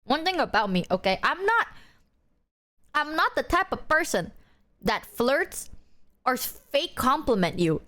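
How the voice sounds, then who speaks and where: A woman's voice: high voice, big pitch swings, measured pace, pauses often, bright, forceful tone. A woman streaming, chatting casually to her chat and stressing her points with insistent repeats. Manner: emphatic, insistent, repeats herself. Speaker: streamer reacting to a clip.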